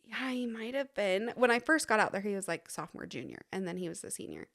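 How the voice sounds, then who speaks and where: A woman's voice: quick pace, creaky. A young woman from Utah, a podcast guest, telling her story in casual chat and acting out the dialogue. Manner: animated storytelling, acting out dialogue in a raised pitch.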